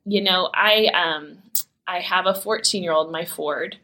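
A woman's voice: fairly low pitch, measured pace, bright, forceful tone. A woman in her forties, a mother of teens, talking casually about parenting and prayer in a candid storytelling way. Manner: candid storytelling with laughs and acted quotes. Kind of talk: casual faith-based talk.

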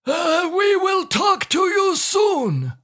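A woman voicing a bumbling married man in a scripted comedy sketch, speaking halting broken English full of "uh" fillers. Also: very high voice, wildly swooping pitch, fairly bright tone, heavily acted. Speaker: co-host of a comedy show.

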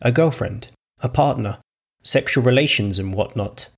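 A man voicing a prim, condescending young woman who speaks in a measured, patronising way in a read-aloud story. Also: medium pitch, close to an everyday voice.

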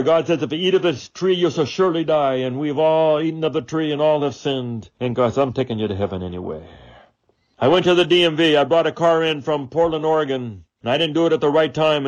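Gravelly preacher with a muffled sound. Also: male voice, mid-range voice. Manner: earnest, rhetorical questions, swings from loud to hushed. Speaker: preacher and radio show host. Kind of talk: daily devotional sermon.

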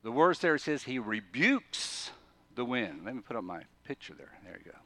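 A man preaching a sermon, telling the story with animated swings between quiet asides and loud, emphatic bursts, often restarting words mid-thought. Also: mid-range voice, normal speed, no echo. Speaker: pastor.

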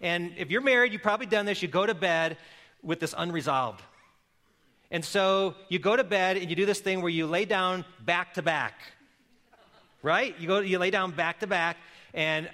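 Middle-aged pastor guy giving a sermon, bright ringing voice, chatty storytelling, lots of reverb from a big church hall. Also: sits high, moderate pace. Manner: conversational, playful storytelling, asks the congregation questions. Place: church service.

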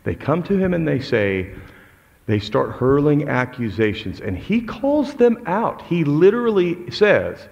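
Male pastor, gravelly voice, big swings in pitch, preaching in a reverberant hall. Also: big pitch swings, a little slow, dull audio. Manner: impassioned preaching, swinging from loud outbursts to low intense tones. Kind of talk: sermon.

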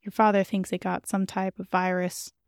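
A woman's voice: medium pitch, little pitch movement, moderate pace, clean tone, dry recording, studio quality, close to an everyday voice. A woman voicing a proper, guarded churchgoing mother who speaks in a curt, restrained way.

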